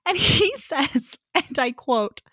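A woman's voice: sits high, takes it slowly, dry recording, studio quality. A young woman co-hosting a podcast, retelling a novel in casual chat, full of "like" fillers and acted-out quotes. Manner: animated retelling with many "like" fillers. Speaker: podcast co-host. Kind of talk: casual book-club chat.

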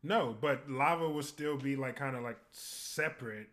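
A young man co-hosting a podcast, talking in a relaxed, rambling way. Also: mid-range voice, normal speed. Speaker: podcast co-host. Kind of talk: casual chat.

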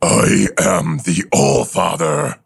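A man voicing an ancient, pompous male god king, speaking slowly with a deep, gravelly voice. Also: no room sound, studio quality, exaggerated voice. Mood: grandiose. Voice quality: deep gravelly booming pronouncements. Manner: slow, grandiose, self-important.

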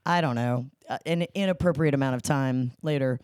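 A woman guest on a podcast, casually telling a story in an animated way and laughing often as she talks. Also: a bass voice, fairly quick, clean tone, no echo, studio quality.

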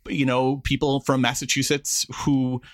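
A man's voice: medium pitch, level tone, unhurried, no room sound, clean studio sound. A man co-hosting a podcast, chatting casually with a lot of fillers and restarts. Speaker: podcast co-host.

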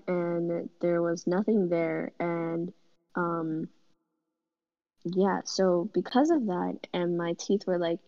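A woman's voice: lowish voice, darkish tone, lo-fi sound. A teenage girl co-hosting a casual podcast chat, rambling through stories with lots of giggles and filler words. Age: teens. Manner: giggly, rambling, acts out her mom in quotes. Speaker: podcast co-host.

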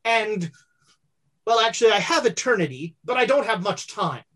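A woman's voice: mid-range voice, expressive, normal speed, fairly bright tone. A woman voicing the ghost of a dead man, dazed and self-important.

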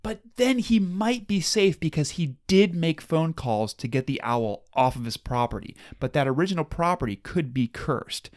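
A man co-hosting a casual podcast, talking in a wry, deadpan way and rambling with restarts. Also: on the high side, normal speed, hardly any pauses. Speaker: podcast co-host. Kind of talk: casual spooky chat.

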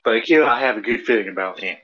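A man's voice: on the low side, very fast. Man, tabletop player, hesitant, trails off, lo-fi mic. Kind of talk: casual tabletop game chat. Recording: slightly dull lo-fi mic.

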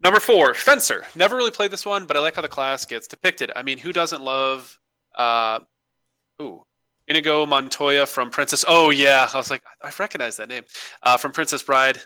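A man's voice: mid-range voice, normal speed, pushed and bright, no echo. A man co-hosting a casual podcast, reading listener emails aloud with joking asides.

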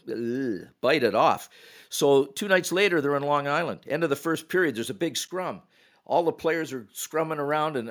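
An older man from Canada tells stories from his refereeing days as a podcast guest. He talks in an animated way, acting out the people he quotes. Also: a little high. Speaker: retired NHL referee, guest. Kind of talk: podcast storytelling.

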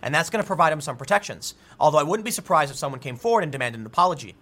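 A man hosting an opinion commentary, reading out articles and reacting with animated asides and frequent restarts. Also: fairly high pitch, racing. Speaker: political commentary host.

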